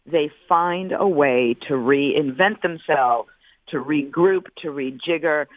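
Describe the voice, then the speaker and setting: A middle-aged woman, a football analyst calling in as a radio guest, speaking deliberately and repeating words for emphasis. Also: deep voice, no room sound. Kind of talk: sports radio phone interview. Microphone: phone. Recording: tinny phone line.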